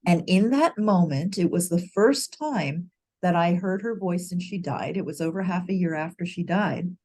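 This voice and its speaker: Earnest woman telling a story, lowish voice. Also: normal speed, darkish tone, slight background noise. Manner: earnest storytelling with many restarts. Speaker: grief educator, co-host. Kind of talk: reflective conversation.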